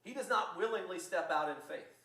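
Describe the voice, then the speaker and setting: A man preaching a sermon as pastor, telling the story in a lively way and acting out the quotes. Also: sits high, brisk, creaky. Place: church. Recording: echoey church from far off.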